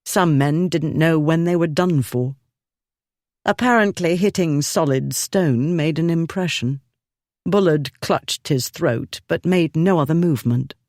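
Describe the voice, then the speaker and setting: A narrator reading a historical romance novel in a measured storytelling manner. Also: medium pitch, darkish tone, no room sound, studio quality. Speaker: audiobook narrator.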